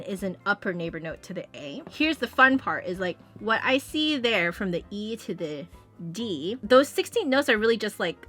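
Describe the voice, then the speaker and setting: Bright-voiced woman teaching music theory. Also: mid-range voice. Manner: chatty, explanatory, sings beats with "bum". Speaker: flute teacher. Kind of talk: casual music lesson explaining sight reading.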